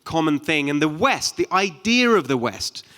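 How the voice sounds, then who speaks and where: A middle-aged British man gives a conference speech in a conversational, anecdotal way, often pausing on "um". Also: fairly high pitch, very animated, a bit bright. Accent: British English. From United Kingdom. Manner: conversational, anecdotal, with frequent ums. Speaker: keynote speaker. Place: large conference hall. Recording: long reverb of a conference hall.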